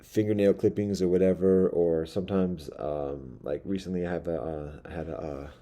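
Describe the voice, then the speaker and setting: A man telling a rambling comic monologue in a halting, wry way, with many restarts. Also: low-pitched, steady tone, mellow.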